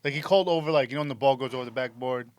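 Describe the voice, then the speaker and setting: A man's voice: medium pitch, very fast, smooth, no room sound. A man co-hosting a podcast, telling a story in casual, amused banter. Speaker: podcast co-host.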